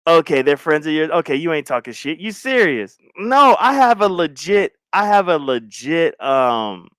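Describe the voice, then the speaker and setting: A man's voice: fairly high pitch, sing-song, normal speed, no room sound. Slangy man hosting a livestream chat. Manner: loose slangy banter, shout-outs to viewers. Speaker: livestream host greeting chat.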